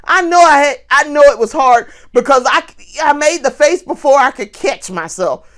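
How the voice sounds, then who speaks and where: A woman tells a story straight to her viewers in a high voice. Her pitch leaps and dips as she animates each moment. She laughs easily as she goes. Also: animated, normal speed. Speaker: vlogger. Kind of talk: casual storytelling to camera.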